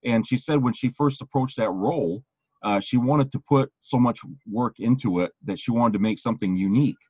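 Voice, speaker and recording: A man's voice: mid-range voice, fairly quick, mellow, slightly rough, no echo, lo-fi sound. A man co-hosting a podcast in casual, rambling chat, often restarting his phrases. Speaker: podcast co-host.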